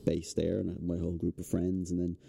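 Low, dark-voiced Irish man telling stories. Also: fast talker, vocal fry, breathy edge. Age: young adult. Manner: relaxed storytelling with fillers. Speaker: podcast guest. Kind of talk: casual chat. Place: indoors, hotel podcast setting.

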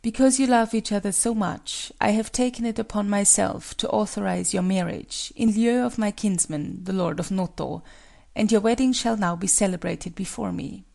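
A woman's voice: mid-range voice, normal speed, gravelly. A woman voicing a kindly, dignified older feudal lord who speaks in a stately manner, in a storybook reading. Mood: benevolent. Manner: stately, warm.

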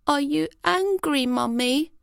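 A woman voicing a small, sleepy three-year-old boy who speaks softly and earnestly. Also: sits high, creaky, no echo, studio quality, pitched above the performer's own voice, exaggerated voice. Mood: worried. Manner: soft and slow, childlike.

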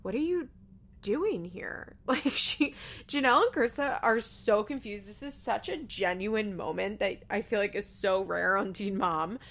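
A woman talks through a reality show episode in a loose, chatty recap, laughing often as she goes. Her voice sits at an ordinary middle pitch. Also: normal speed, creaky, fairly bright tone. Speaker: podcast host.

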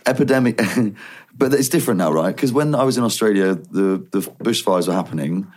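A man with a lowish voice jokes through a casual podcast chat. He talks fast, and his banter often turns on himself. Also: darkish tone. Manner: jokey, self-mocking banter. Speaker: podcast co-host.

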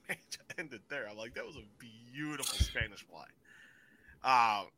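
A man hosting a casual wrestling review podcast, excitable and swearing freely as he acts out his stories. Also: high voice. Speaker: podcast host.

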